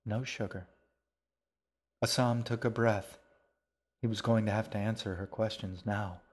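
A man narrating a children's story in a steady, even storytelling manner. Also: lowish voice, normal speed. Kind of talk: audiobook narration.

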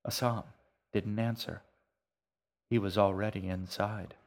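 A man reading his own serialized novel aloud, in a quiet, measured storytelling manner. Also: fairly low pitch, fairly even intonation. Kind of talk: audiobook narration.

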